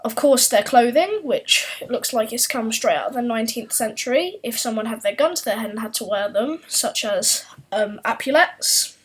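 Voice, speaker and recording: Wry host, slightly husky. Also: female voice, on the high side, lively intonation, moderate pace, hardly any pauses, rough recording. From United Kingdom. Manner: wry, self-mocking, sarcastic asides. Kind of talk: comedic scripted explainer.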